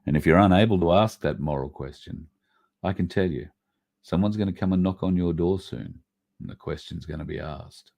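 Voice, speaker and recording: A man with a deep voice and vocal fry hosts a livestream at a moderate pace. He rants bluntly, swearing and breaking into sudden loud bursts while reading out viewer comments.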